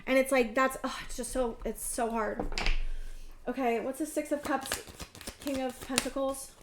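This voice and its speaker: A woman's voice: high voice, steady tone, normal speed, noisy background. A woman in her thirties giving a pick-a-card tarot reading, rambling and emphatic, swearing freely and talking straight to the viewer. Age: 30s. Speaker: tarot reader.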